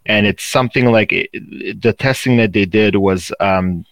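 A man's voice: on the low side, normal speed, creaky, fairly bright tone, no room sound. A man on a podcast, hesitantly reading out facts with many fillers. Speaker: podcast co-host. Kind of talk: casual podcast chat.

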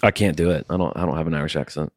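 A man's voice: very deep voice, racing, dry recording. A man co-hosting a comedy podcast, talking in a dry, earnest, casual way. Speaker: podcast co-host.

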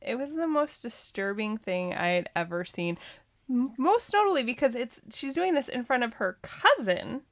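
A woman's voice: fairly high pitch, animated, normal speed. A woman co-hosting a casual podcast movie review, chatty and exasperated as she recounts scenes. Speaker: podcast co-host.

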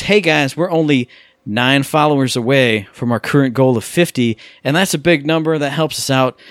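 Brief: relaxed podcast host, man, mid-range voice, dry close sound, friendly call to listeners. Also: medium pitch, no room sound. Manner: easygoing, rambling, friendly pleading. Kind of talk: casual chat and show plugs.

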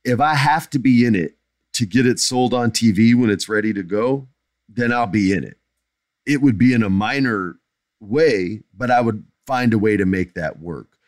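A man's voice: on the low side, normal speed, no room sound, studio quality. A middle-aged man hosting a podcast, answering listener questions in blunt, emphatic casual chat that drifts into jokes.

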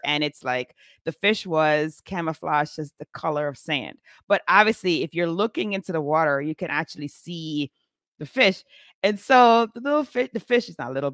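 Chatty woman in her forties, lower voice. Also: no echo, clean studio sound. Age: 40s. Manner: animated, chatty, many fillers. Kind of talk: casual storytelling vlog.

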